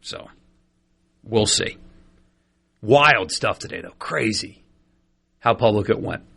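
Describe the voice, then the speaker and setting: A man's voice: lowish voice, lively intonation, slow, gravelly, sharp tone, husky. A man hosting a sports radio show, chatty and opinionated, with frequent fillers. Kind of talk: casual sports talk radio. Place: radio studio.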